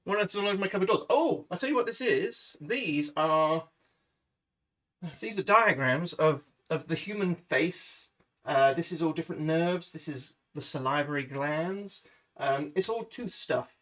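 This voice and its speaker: A man's voice: a little high, animated, a little slow, a bit bright. A British man chatting casually to his livestream viewers from his home kitchen, swearing freely as he goes. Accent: British English. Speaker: livestream host. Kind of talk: casual cooking livestream chat.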